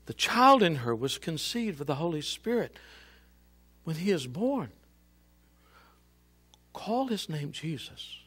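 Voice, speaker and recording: A man voicing a tender male angel who speaks gently and soothingly. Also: a little high, big pitch swings, slow pace, pauses often, slightly rough, heavily acted. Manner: hushed and soothing.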